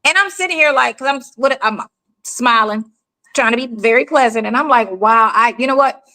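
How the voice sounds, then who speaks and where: Lively storytelling middle-aged woman. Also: a little high, moderate pace, low-quality recording. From United States. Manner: animated storyteller, acts out quoted people. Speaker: mother telling stories. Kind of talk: casual chat.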